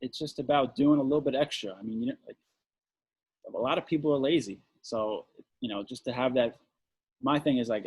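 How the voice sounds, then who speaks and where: A man co-hosting a podcast, with a husky voice at a middle pitch. He talks in a relaxed, rambling way and often restarts his sentences. The sound is close and dry. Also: a little fast, no echo. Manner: relaxed, rambling, repeats words when starting a thought. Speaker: podcast co-host. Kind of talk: casual podcast chat.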